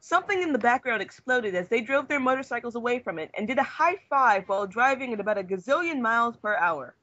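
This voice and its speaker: A young man reading fanfiction aloud to friends in a deadpan manner, trying not to laugh. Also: very high-pitched, fast, no room sound, dull audio. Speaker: reader among friends.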